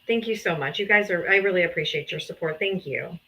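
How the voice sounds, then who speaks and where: Bright-voiced woman livestreamer thanking donors. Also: on the low side, a little fast. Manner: emotional, grateful, breaks into laughs and sighs. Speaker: livestream host reading donations. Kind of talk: casual livestream thank-yous. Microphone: streaming setup.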